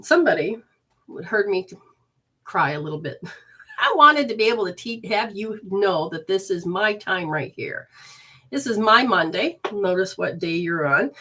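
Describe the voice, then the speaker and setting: Expressive woman teaching spirituality at home. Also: medium pitch. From Michigan, USA. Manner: expressive, reads viewer comments aloud warmly. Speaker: spiritual teacher hosting a livestream. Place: living room.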